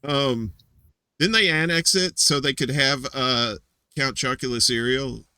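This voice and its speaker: Joking rambling host, bright dry voice. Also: male voice, mid-range voice, measured pace, clean tone, no room sound. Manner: rambling, joking, many restarts. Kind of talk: casual live-stream chat.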